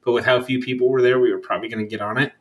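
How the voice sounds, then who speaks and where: A young man chats on a podcast about a trip. He rambles and fills his pauses, curses freely, and keeps an easygoing tone. His voice sits at an ordinary middle pitch. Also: fairly even intonation, fairly bright tone, poor audio. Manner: rambling, profane, laid-back storytelling with frequent fillers. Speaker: podcast co-host. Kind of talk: casual chat.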